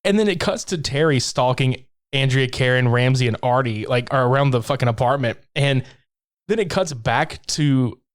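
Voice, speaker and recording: A man on a podcast breezily walking through a horror film's plot, swearing freely. He laughs often and slips into quick impressions of the characters as he retells the scenes. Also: mid-range voice, animated, smooth. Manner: profane, laughing, acts out lines from the film. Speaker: podcast co-host. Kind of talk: casual movie recap chat.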